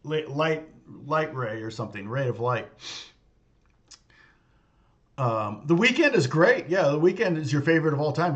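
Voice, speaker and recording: A man's voice: fairly high pitch, dull audio. A middle-aged man, a guitar teacher, chatting casually and rambling, with many fillers, restarts and laughs. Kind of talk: casual livestream chat.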